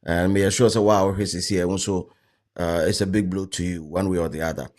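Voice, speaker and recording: A man's voice: low-pitched, fairly even intonation, a little fast, darkish tone. A man with a Ghanaian accent hosting a commentary show, talking in a subdued, hesitant way with many fillers. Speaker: host. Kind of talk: casual commentary.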